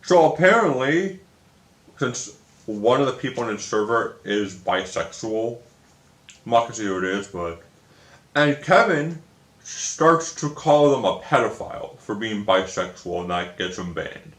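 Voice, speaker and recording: A man's voice: medium pitch, animated, a little slow, fairly bright tone. A young man telling a story in a casual, frustrated rant, swearing often and repeating himself. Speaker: video creator. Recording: echoey room.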